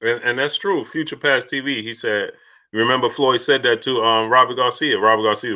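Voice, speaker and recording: A man hosting a casual live-stream chat, asking rhetorical questions and shouting out viewers by name. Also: mid-range voice, fairly even intonation, brisk. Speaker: host.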